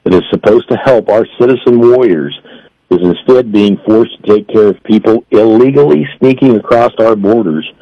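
Low-voiced guest on a muffled line. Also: male voice, moderate pace, no echo. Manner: earnest, emphatic, many restarts. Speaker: police union president and guest.

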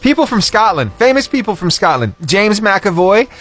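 Lively radio host man. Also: high voice, moderate pace, soft background music. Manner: cheerful, chuckles often, animated delivery. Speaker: radio morning show host. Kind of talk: upbeat radio call-in chat. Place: radio studio.

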